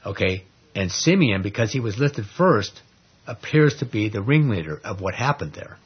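A man's voice: on the low side, sing-song, moderate pace, husky, dull audio. A man teaching a Bible study, reading scripture aloud and explaining it in a conversational way, often asking the class questions. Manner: conversational, asks the class questions, many fillers.

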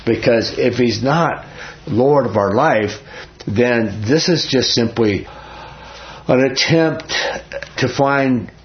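A man with a mid-range voice speaks slowly, and the recording has its highs cut off. He's a Bible teacher leading an informal study, talking earnestly and conversationally while putting questions to his listeners.

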